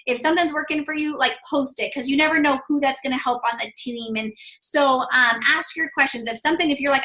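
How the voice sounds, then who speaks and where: Bright, high-voiced woman hosting a team call. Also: quick pace, few pauses. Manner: gushing, filler-heavy, encouraging. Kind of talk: casual meeting wrap-up. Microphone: video call.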